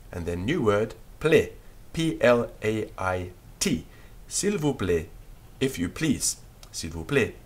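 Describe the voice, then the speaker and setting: A low, husky-voiced man teaching beginners, dictating very slowly and patiently. He spells each word out letter by letter, his pitch rising and falling in a lively way. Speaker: French teacher. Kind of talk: slow dictation lesson, spelling out words.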